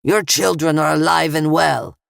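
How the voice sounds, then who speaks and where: A woman's voice: deep voice, moderate pace, vocal fry, dry recording, studio quality. A woman voicing a menacing male gunman with a Russian accent, cold and smirking, in an audiobook. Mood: calm threatening.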